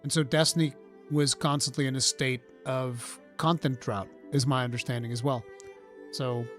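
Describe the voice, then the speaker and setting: A man's voice: medium pitch, fairly even intonation, normal speed, soft background music. A man hosting a live gaming talk show, giving blunt, rambling, profane opinions. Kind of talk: casual gaming commentary.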